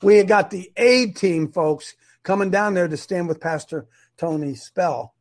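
A man's voice: high-pitched, unhurried, a little mellow. A middle-aged man hosting a live online show, preaching emphatically and repeating his points. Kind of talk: fiery preacher-style live stream talk.

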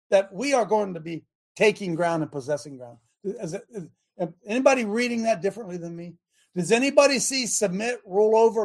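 A middle-aged male radio host preaching on scripture. He talks to his audience and producer in a casual, chatty way, then grows emphatic and loud as he drives each point home. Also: high voice. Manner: emphatic, rising to near shouts when quoting scripture; chatty, speaks directly to listeners and producer. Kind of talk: sermon-style Bible teaching.

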